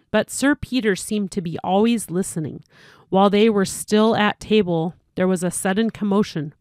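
A woman's voice: mid-range voice, no room sound. Woman reading a storybook aloud, dry close sound. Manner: steady, clear storytelling with occasional slips. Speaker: narrator.

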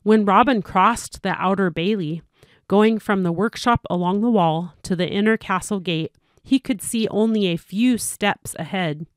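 A woman's voice: medium pitch, unhurried, no room sound. Woman reading a storybook aloud, dry close sound. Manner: steady, clear storytelling with occasional slips. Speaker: narrator.

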